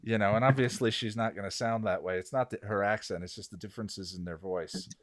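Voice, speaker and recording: A man hosting a casual panel discussion, animated and halting, with frequent restarts. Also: on the low side, a crowd in the background. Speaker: podcast host.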